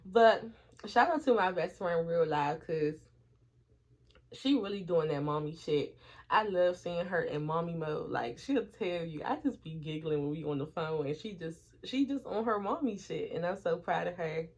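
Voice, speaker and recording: Speaking at a normal speed in a fairly low voice, a woman vlogger shares a casual story while styling her hair at home. She's profane and animated, acting out her friends' quotes, and the lo-fi recording sounds dull.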